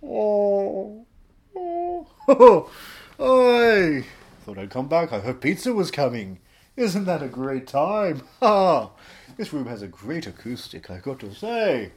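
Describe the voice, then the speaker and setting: A man puts on a vain, self-important actor who drapes every line in theatrical grandeur. The voice is husky, and its pitch swings widely as he preens. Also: very animated, slow pace, full character voice. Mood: pompous. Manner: theatrical, grandiose, laughing at himself.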